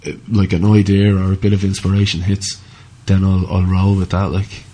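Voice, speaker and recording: A male musician guest from Ireland, chatting casually in halting, self-correcting speech with many fillers. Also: low-pitched, monotone, slightly rough. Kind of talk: casual chat, then singing live with guitar. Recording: loud guitar music throughout.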